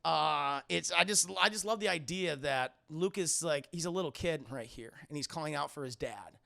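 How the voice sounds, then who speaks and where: A young man streaming a casual film review to his live chat, excitable and profane, with many restarts. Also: a little high, normal speed, gravelly.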